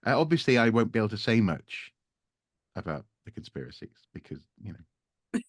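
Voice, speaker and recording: A man's voice: fairly low pitch, big pitch swings, normal speed, no room sound. A man as a guest in a casual chat, joking dryly and often trailing off. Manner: dry joking, trailing off, hesitant restarts. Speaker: guest archaeologist.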